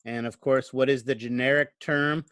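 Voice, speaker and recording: The speaker is a college lecturer, a man recording an online lecture through his computer mic in a conversational style, often tossing in "right?" His mid-range voice is steady, a bit bright and smooth, at normal speed, with no room sound.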